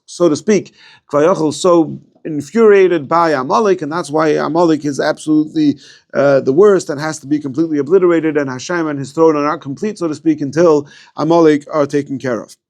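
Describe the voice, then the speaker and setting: A rabbi teaching a casual Torah class to a small group, digressive and thinking aloud with fillers and restarts. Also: male voice, fairly high pitch, creaky.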